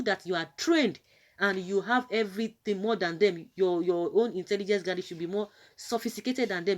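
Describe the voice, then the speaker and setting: A Nigerian woman giving an opinion commentary to her viewers, indignant and asking one rhetorical question after another. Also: on the low side. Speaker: political commentator.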